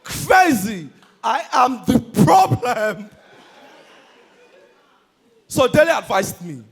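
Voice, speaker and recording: A Nigerian man doing stand-up comedy, energetic and shouting his punchlines. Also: sits high, slow, long pauses, slightly rough.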